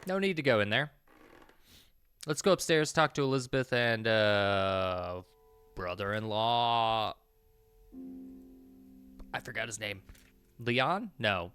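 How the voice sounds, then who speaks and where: A man's voice: lowish voice, animated, takes it slowly, pauses often, a bit bright, soft background music. A man giving casual, joking commentary while playing a game. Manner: rambling, joking asides. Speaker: let's player.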